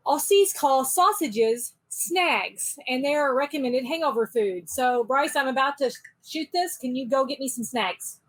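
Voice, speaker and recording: Bubbly, high-voiced woman co-host. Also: fairly quick, few pauses. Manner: bubbly and joking. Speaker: podcast co-host. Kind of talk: casual segment presenting.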